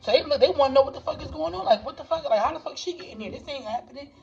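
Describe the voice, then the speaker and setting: A woman's voice: sits high, racing, vocal fry, a little mellow. Woman rambling a film recap, distant mic. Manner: rambling, many restarts, talks to viewers. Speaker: movie reviewer. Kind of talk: casual movie recap. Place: home with children nearby. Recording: distant, dull mic with faint background noise.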